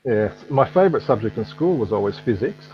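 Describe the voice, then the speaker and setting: A man in his fifties with an Australian accent, chatting as a guest in a relaxed, self-deprecating way. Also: medium pitch, fairly quick, lo-fi sound, loud music behind the voice. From United States. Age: 50s. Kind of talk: casual chat. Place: home at night.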